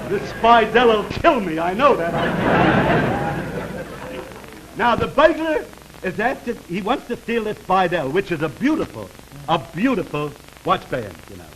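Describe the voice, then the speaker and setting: A man's voice: high voice, big pitch swings, a little slow, pauses often. A middle-aged comedian telling a rambling, self-interrupting comic story for a sponsor, laughing at his own jokes. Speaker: comedian doing a sponsored pitch. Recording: noisy vintage 1940s broadcast recording.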